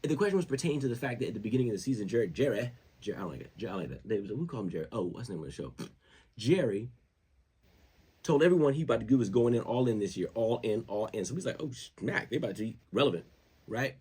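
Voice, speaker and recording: A male show host giving casual sports commentary, animated and repeating words for emphasis. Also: mid-range voice, breathy edge.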